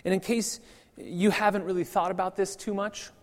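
A male pastor delivers a sermon in an easy, conversational manner, often stumbling and restarting his phrases. His voice sits a little high for a man, and the church around him rings with a long reverb. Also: flat delivery, moderate pace. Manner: conversational, frequent repeated restarts. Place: church sanctuary.

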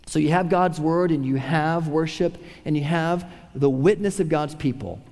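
A man preaching a sermon, swinging from a raised voice to hushed, quiet tones. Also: on the high side, moderate pace, in a large hall. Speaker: pastor.

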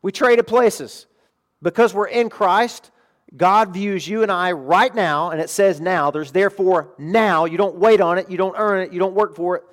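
Earnest preacher, soft to emphatic. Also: male voice, high-pitched, fairly even intonation, normal speed. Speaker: pastor. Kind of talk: sermon.

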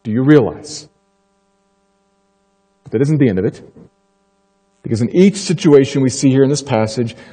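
A male pastor delivers a sermon with a mellow, dark tone, slowing deliberately on the words he wants to land. His unhurried delivery rings out in a church sanctuary with a long hall reverb. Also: mid-range voice. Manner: emphatic, slows down to stress key phrases.

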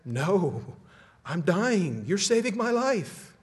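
A man voicing a sly, deceitful male rattlesnake in a told folk tale, in a low hushed voice. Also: sing-song, takes it slowly, husky, full character voice. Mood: pleading.

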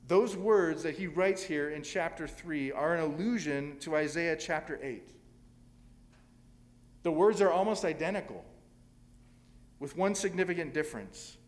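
A man's voice: fairly high pitch, a little slow, long pauses, in a large hall. A male pastor preaching a sermon, telling a scripture story dramatically with sudden swells of emphasis.

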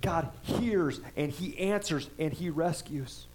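A man delivering a sermon, his voice sitting a little higher than most men's. He talks in a loose, conversational way, tossing in quick "right?" asides to the congregation. When he reads scripture aloud he leans into the words with emphasis. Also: a little mellow, low-quality recording. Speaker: pastor.

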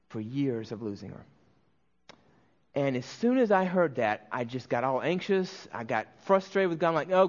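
Telling a personal story from the pulpit, this male pastor is earnest and emotional, repeatedly dropping into a hushed tone and starting over often. His pitch is medium, and the audio lacks high frequencies.

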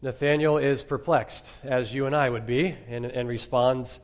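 A man preaching an expository sermon as pastor, emphatic, with dramatic pauses and rhetorical questions. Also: mid-range voice, steady tone.

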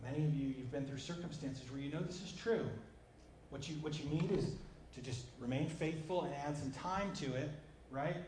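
A man preaching a conversational sermon, emphatic, swinging between loud and hushed passages. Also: fairly high pitch, normal speed. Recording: roomy echo with faint background noise.

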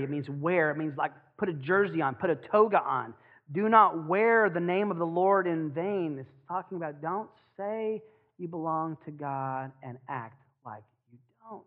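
A man preaching a sermon as pastor, teaching with lively rhetorical questions and restarts. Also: fairly high pitch. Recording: tinny phone-like sound.

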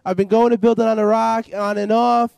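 A man's voice: sits high, little pitch movement, fairly quick, vocal fry, a little mellow, clean tone, no echo. A man giving a rambling personal testimony as an interview guest, full of "you know" and "like.". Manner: rambling, repeats himself, lots of "you know" and "like". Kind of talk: personal testimony, casual storytelling.

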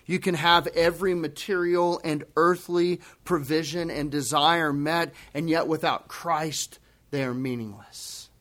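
A man preaching a sermon as pastor, swinging from hushed near-whispers to emphatic outbursts and acting out voices in conversational asides. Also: a little high, fairly even intonation, unhurried. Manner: acts out quoted speech in conversational asides.

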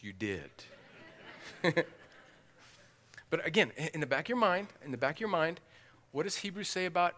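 A male pastor preaching an expository sermon, animated and acting out the dialogue of Bible stories. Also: a little high. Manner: animated, acts out Bible dialogue with dramatic voices.

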